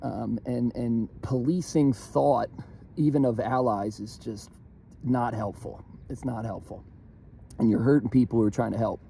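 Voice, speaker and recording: A young man from Philadelphia ranting casually, profane and animated, with lots of fillers and restarts. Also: mid-range voice, a little slow, creaky, a little hiss or hum. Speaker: vlogger. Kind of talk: casual rant to camera.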